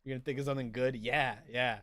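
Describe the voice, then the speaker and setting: A man's voice: mid-range voice, fairly even intonation, fast talker, a bit bright, dry recording. A young man casually chatting through a game livestream, reading out and answering viewer chat as he plays. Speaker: streamer.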